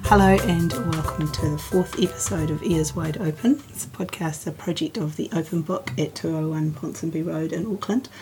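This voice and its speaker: A woman hosting a podcast, hoarse from a cold, chatty with frequent ums. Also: deep voice, normal speed, few pauses, mellow, soft background music. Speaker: podcast host. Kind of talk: casual podcast introduction.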